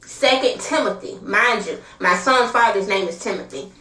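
A woman's voice: mid-range voice, moderate pace, bright, forceful tone. A young adult woman telling a personal story in a casual, candid way, with many fillers. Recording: roomy sound from a distance.

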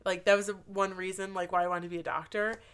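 Woman in her thirties, casual chat, earnest storyteller, mid-pitched voice, animated. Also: quick pace, clean tone. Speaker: guest telling her story.

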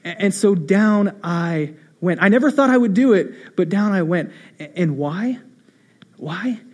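High-voiced man preaching, hushed to emphatic. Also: expressive, unhurried. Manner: storytelling with rhetorical questions, swinging between hushed and emphatic. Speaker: pastor. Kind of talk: sermon.

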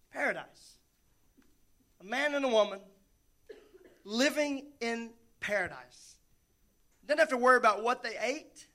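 Pastor, male, high bright voice, animated and joking in the pulpit. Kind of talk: sermon.

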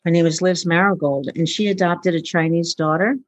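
A woman's voice: lowish voice, fairly even intonation, fairly quick, no echo. A woman, a futurist, chatting in an interview, telling personal stories with many fillers and acting out the dialogue. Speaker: guest, futurist. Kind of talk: casual storytelling interview.

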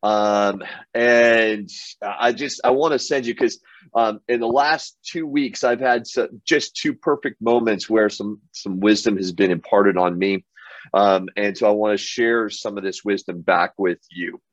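A man with a lowish voice tells a story as a show host, eager and loose, full of ums and restarts. The sound is dull and very dry, as if recorded close in a small space. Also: steady tone, measured pace, dry recording. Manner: enthusiastic, loose, many fillers and restarts. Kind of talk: casual storytelling monologue.

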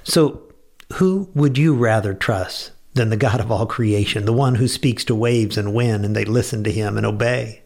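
A man's voice: lowish voice, normal speed, creaky, darkish tone. A man delivering a short devotional radio message, earnest and conversational, with bursts of enthusiasm. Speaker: pastor.

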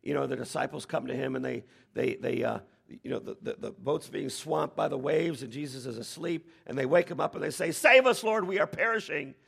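Male pastor preaching, heavy vocal fry, husky tone, animated delivery. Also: mid-range voice, fairly quick. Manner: animated preaching with dramatic quotes. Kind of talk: sermon.

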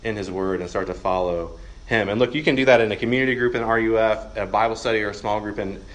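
A man's voice: fairly low pitch, fast. A man preaching to college students as a campus minister, earnest and conversational, speaking in a meeting room. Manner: earnest and conversational, drops to soft prayer.

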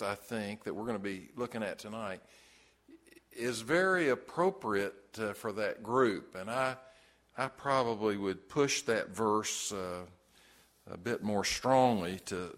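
Slow, halting man preaching. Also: lowish voice, a bit bright. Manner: slow, halting delivery with many "uh" fillers, rising to emphatic stresses. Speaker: pastor. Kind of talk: evening Bible study sermon.

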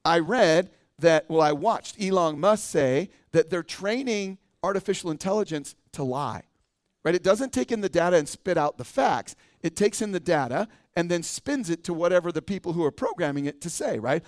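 Here a pastor delivers a sermon in a church sanctuary, his voice high-pitched and recorded cleanly, studio-style, without echo. His manner is conversational, and he regularly checks in with the congregation by adding "right?".

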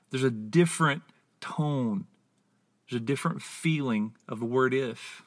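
A man preaching a sermon, teaching in a deliberate, emphatic way and stretching out key words for stress. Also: medium pitch.

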